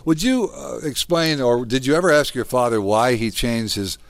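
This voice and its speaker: A man hosting an interview, joking and quick to laugh. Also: mid-range voice, lively intonation, no room sound. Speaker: host.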